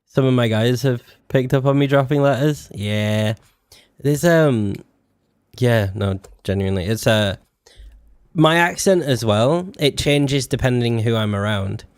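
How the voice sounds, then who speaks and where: A man's voice: medium pitch, measured pace, smooth, no echo, clean studio sound. A young man with a Yorkshire accent, tinged with a Scottish and posh mix, chatting casually on a live stream, rambling and sweary with lots of fillers. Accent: Yorkshire, with a slight Scottish and posh mix. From northern England. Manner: rambling, sweary, laughs often, many fillers. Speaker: VTuber streamer.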